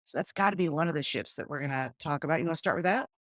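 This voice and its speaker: Talking in rapid-fire bursts, this low-voiced woman, a coach who hosts a podcast, warmly introduces her guest and keeps the casual interview upbeat and gushing. The audio is clean studio sound without echo.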